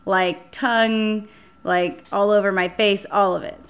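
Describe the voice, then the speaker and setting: A young woman hosting a casual podcast chat, telling a dating story with lively acted-out quotes and frequent swearing. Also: mid-range voice, measured pace, clear, resonant tone. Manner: animated, acts out quotes, swears freely. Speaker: podcast host.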